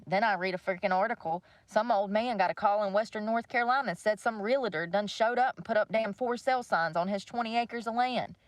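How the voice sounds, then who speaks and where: A woman's voice: lowish voice, dry recording. Blunt woman venting. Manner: blunt, swears freely, venting about money. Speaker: livestream host. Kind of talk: casual rant to viewers.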